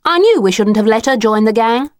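A woman's voice: fairly high pitch, expressive, a little fast, no room sound, clean studio sound, voice pushed up, natural voice. A woman voicing a bossy boy who leads a gang of children in a storybook reading. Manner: commanding, flustered when caught out. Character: bossy boy gang leader, tall for his age.

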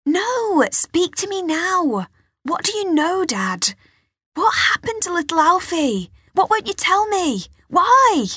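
A woman voicing a defiant fifteen-year-old girl who demands the truth, pitched high and pleading. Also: big pitch swings, slow pace, fairly bright tone, no room sound, studio quality, heavily acted. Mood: pleading, shrill.

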